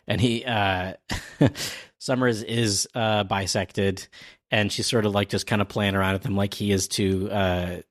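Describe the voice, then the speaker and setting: A man's voice: lowish voice, steady tone, unhurried, no echo, studio quality. A man co-hosting a podcast, recapping a comic chapter in rambling casual chat full of fillers. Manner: rambling narration with many fillers and laughs. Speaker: podcast co-host.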